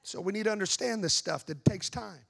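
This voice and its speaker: A pastor delivers a sermon, spinning a story for his congregation and posing rhetorical questions along the way. His voice is high and quick, with vocal fry and a breathy edge, and he tells the tale with animation and voiced asides.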